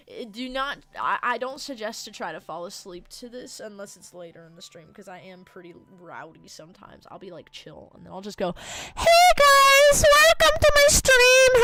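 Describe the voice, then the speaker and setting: Tired from the late hour, a female streamer with a medium-pitched voice chats loosely with her audience, wandering off topic and distracted, then suddenly erupting into loud excitement.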